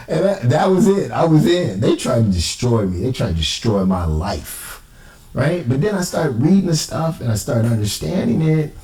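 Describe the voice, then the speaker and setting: Animated man telling his story in an echoey room. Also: a little high, measured pace, recorded from a distance. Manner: emphatic, indignant, quotes others in exaggerated voices. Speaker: self-described amateur cipher investigator. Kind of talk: animated personal monologue.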